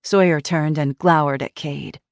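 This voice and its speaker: A woman narrating a thriller audiobook in an even, measured reading. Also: sits low, no room sound, clean studio sound.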